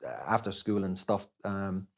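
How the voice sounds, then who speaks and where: A man from Ireland with an Irish accent, a guest telling stories in casual chat, lively, with many restarts and self-corrections. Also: deep voice, moderate pace. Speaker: interview guest. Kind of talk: casual anecdotal storytelling.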